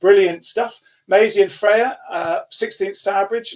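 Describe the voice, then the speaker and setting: Upbeat man, high-pitched, distant on a call. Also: steady tone. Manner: enthusiastic, reads out names in quick bursts. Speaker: guest speaker. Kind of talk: upbeat live-stream shout-outs. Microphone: video call. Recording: distant, thin video-call audio.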